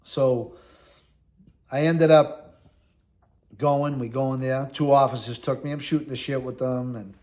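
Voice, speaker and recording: A man's voice: medium pitch, steady tone, unhurried, long pauses. A middle-aged man, telling a long personal story in a rambling, blunt, conversational way. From Boston area. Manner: rambling and conversational, full of "like" and "you know", blunt street talk. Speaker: host recounting prison experience. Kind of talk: casual storytelling monologue.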